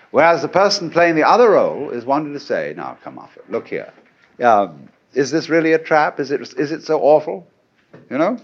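A middle-aged man giving a conversational philosophical lecture, musing aloud and asking rhetorical questions. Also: on the high side. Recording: dull lo-fi archival lecture tape.

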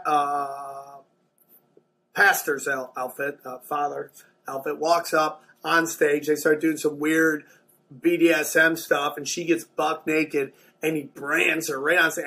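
Male stand-up comic, husky, higher-pitched, profane and animated. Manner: animated, profane, swings between mumbled asides and loud bursts. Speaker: stand-up comedian. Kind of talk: stand-up storytelling.

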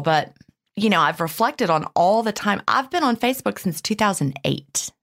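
A woman's voice: mid-range voice, lively intonation, moderate pace, creaky, a bit bright. A woman co-hosting a podcast, talking casually and emotionally, with laughs and restarts. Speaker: podcast co-host.

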